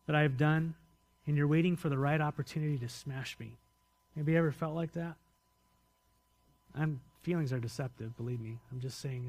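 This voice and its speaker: Male pastor, relaxed sermon delivery, somewhat higher-pitched voice, asks the room questions. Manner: conversational, asks the congregation questions.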